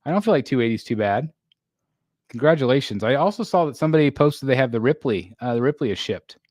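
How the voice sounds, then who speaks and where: A tired middle-aged man hosts a live stream, reading out viewer comments as he rambles. He clears his throat now and then and leans on fillers. His voice sits at an ordinary pitch and sounds dry and close. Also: animated, fast talker, darkish tone, no echo.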